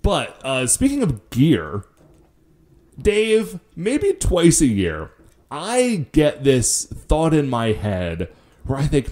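A man's voice: mid-range voice, wildly swooping pitch, slow pace, mellow. A man co-hosting a podcast in casual chat, with dry, jokey banter. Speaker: podcast co-host.

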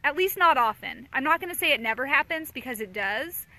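A woman's voice: high-pitched, expressive, fairly quick, pushed and bright. A woman in her thirties, a mother hosting a casual live chat, talking candidly to viewers and answering their comments.

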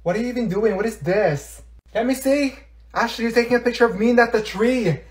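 A vain, exasperated teen girl, played by a man in a comedy skit. She barks orders at her friend in a high, sharp voice. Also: fairly quick, roomy sound. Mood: demanding, exasperated. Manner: demanding, exasperated. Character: vain bossy teen girl demanding photos.

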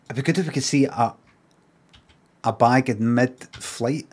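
A middle-aged Scottish man streaming, chatting casually, rambling and swearing, and mocking signs in lively put-on voices. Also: medium pitch, a little slow, slightly rough. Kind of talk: casual livestream chat.

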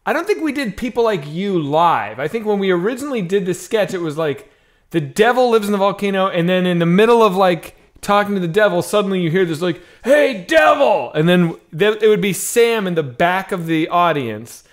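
A man co-hosting a casual comedy podcast chat, telling animated stories and swearing when he gets frustrated. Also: high-pitched, brisk. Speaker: comedy troupe member, podcast co-host.

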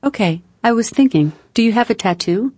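A woman's voice: on the high side, expressive, fairly quick, darkish tone, no echo. A synthetic woman's voice, a voice assistant giving scripted chatty replies in an evenly cheerful tone.

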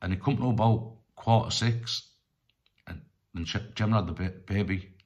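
A middle-aged man telling a personal story in a rambling, halting way, full of restarts and fillers. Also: on the low side, muffled recording. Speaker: storyteller vlogger.

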